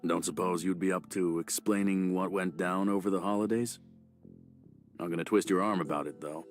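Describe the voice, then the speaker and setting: A man voicing a gruff adult man of few words in a visual novel read-aloud, guarded and laconic with a low, grunting delivery. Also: steady tone, normal speed, faint music behind.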